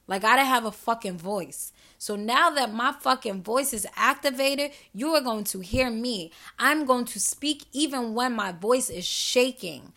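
Woman ranting on her podcast, gravelly, bright and kinda high. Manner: emphatic, profane, preachy, addresses listeners directly. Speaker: podcast host. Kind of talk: passionate solo podcast monologue.

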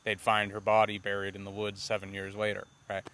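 A man with a fairly low voice talks through a movie review in loose, casual chat. He rambles, swears freely and gets animated as he goes. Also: brisk. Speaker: podcast co-host.

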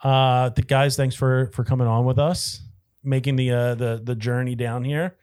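A man co-hosting a casual beer podcast, relaxed and joking, with lots of ums and uhs. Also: mid-range voice, moderate pace, clear, resonant tone. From southeastern Pennsylvania. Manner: joking, laid-back, lots of fillers. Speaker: podcast co-host. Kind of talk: casual chat.

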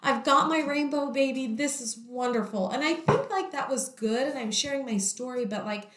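In an echoey room, a female guest candidly recounts her story in conversation, using "like" heavily. She speaks at a moderate pace in a high, somewhat bright voice.

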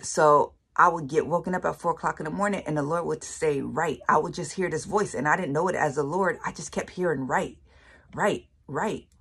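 A woman's voice: low voice, fairly even intonation, fast talker, hardly any pauses, fairly bright tone, husky. A woman preaching her personal faith testimony in a casual, colloquial way, emphatic and repeating phrases for effect. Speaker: faith speaker sharing testimony.

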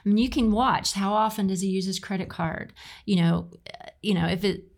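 A woman's voice: medium pitch, steady tone, a little fast. Earnest Southern woman giving advice. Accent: Southern US, Arkansas. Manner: earnest, encouraging, drawls "y'all". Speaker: co-host. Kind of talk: casual advice chat.

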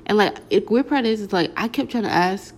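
A woman's voice: medium pitch, brisk, slight background noise. A young adult woman telling a casual storytime, rambling along with slangy filler words. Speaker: vlogger.

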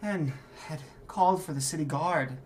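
A grieving middle-aged mother, her voice pushed up high and trembling, stammering between sobs, as a man puts her on. She sounds breathless and overwhelmed, words catching in her throat. There is a faint hiss of room ambience underneath. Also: normal speed, lightly acted. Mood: anxious grief.

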